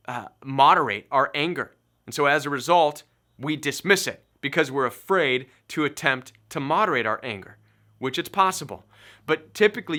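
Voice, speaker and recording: Middle-aged male coach, bright tense tone, preachy and emphatic motivational delivery. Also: fairly high pitch. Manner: emphatic, preachy, repeats key phrases. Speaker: recovery coach. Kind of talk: motivational self-help talk.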